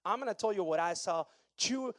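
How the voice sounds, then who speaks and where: A man in his thirties from Argentina, preaching a sermon with an Argentine Spanish accent in broken English, animated and joking with the congregation. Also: sits high, fairly quick, no room sound, clean studio sound. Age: 30s. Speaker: pastor.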